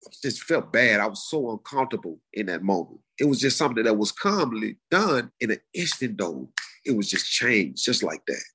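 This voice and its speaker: A middle-aged man, telling his life story in a casual, animated way. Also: moderate pace, slightly rough. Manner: animated, acts out quoted voices in high pitch. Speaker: guest sharing his testimony. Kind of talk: conversational storytelling.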